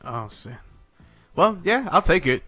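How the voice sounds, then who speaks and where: A man co-hosting a casual fan chat, jokey and quick to laugh. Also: on the high side, sing-song, pushed and bright, soft background music. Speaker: co-host.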